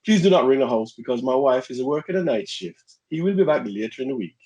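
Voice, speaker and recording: A middle-aged Jamaican father speaks in a formal, polite manner on a phone call, as a man puts him on. The pitch sits in a middle register. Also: expressive, quick pace, a little mellow, natural voice.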